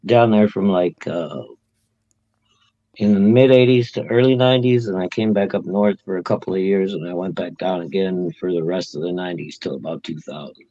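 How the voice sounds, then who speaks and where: A man's voice: low voice, normal speed, mellow, no room sound. A man calling in by phone to a casual chat, easygoing and brief. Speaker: chat guest. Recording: dull lo-fi phone audio.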